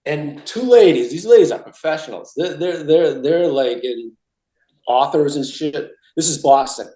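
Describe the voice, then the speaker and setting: Here a middle-aged Massachusetts man rambles through anecdotes in a casual interview, repeating himself and starting over a lot. His voice runs on the high side, mellow and unhurried with lively intonation, on a rough, reverberant recording.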